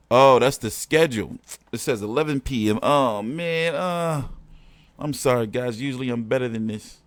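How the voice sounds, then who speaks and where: A man ranting through a casual live stream, exasperated and full of cussing and slang. His voice sits at an ordinary pitch, recorded close and dry with no room sound. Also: moderate pace, dry recording. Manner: profane, rambling and exasperated; slangy street talk. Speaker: boxing show host.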